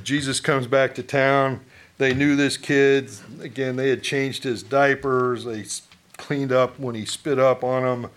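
Middle-aged male pastor, conversational sermon, mid-pitched voice, quizzes the congregation. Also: fairly bright tone. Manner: conversational, asks the congregation questions, mock-quotes townsfolk.

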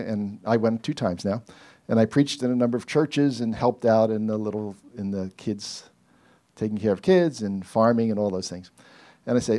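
A man's voice: on the low side, normal speed, warm tone. A middle-aged male preacher giving a casual, conversational sermon full of asides and self-corrections.

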